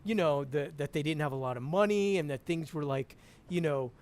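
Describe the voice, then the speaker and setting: High-pitched guy on a podcast call, excitable, lots of laughing and restarts. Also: brisk. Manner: animated, laughs often, many restarts. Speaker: podcast guest. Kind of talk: casual podcast chat.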